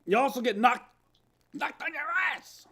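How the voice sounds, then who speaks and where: A man narrating as guest game master of a tabletop game, animated and laughing, with halting restarts. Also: very high-pitched.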